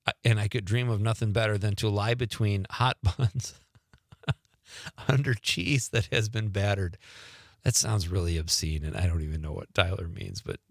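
A man hosting a radio talk show, chatty and quick to laugh, on a studio mic. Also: lowish voice, no echo. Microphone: studio microphone.

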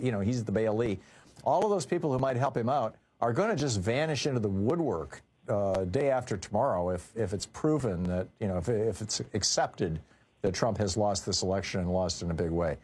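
A man's voice: lowish voice, a little mellow, husky. A man hosting a call-in radio talk show, conversational and opinionated with many fillers.

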